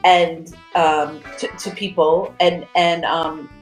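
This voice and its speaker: A woman's voice: slow, reverberant, soft background music, poor audio. A woman chatting as a guest on a casual video-call interview, acting out little quoted moments as she tells her stories. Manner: animated storyteller, acts out quotes with big pitch jumps. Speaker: guest, actor and screenwriter.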